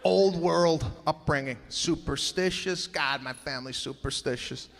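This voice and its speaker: A man performing a stand-up routine on a theater stage, telling family stories and bursting into loud shouts as he acts out relatives. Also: a little high, unhurried, vocal fry. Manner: animated, acting out family members in loud bursts. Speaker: stand-up comedian. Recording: live show in a large reverberant venue with crowd noise.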